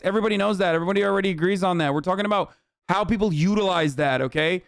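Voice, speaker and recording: A man in his thirties ranting on a livestream, his voice high and clean. He swears constantly and drips sarcasm while mocking chat and critics. The sound is close and dry, with no room around it. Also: quick pace, smooth, no echo. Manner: profane, sarcastic, exasperated. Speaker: streamer reacting to clips and chat. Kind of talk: heated livestream rant.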